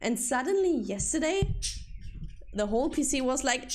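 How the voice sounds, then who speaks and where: A woman's voice: high voice, very animated, normal speed, darkish tone. A young woman with a German accent chatting casually on a livestream, rambling and swearing when annoyed. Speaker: streamer.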